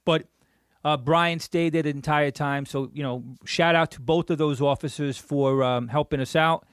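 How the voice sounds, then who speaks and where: A man's voice: a little high, steady tone, moderate pace, clean tone, no room sound, studio quality. A man with a New Jersey accent co-hosting a casual podcast, easygoing and chiming in with short agreements. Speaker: podcast co-host. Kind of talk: casual chat.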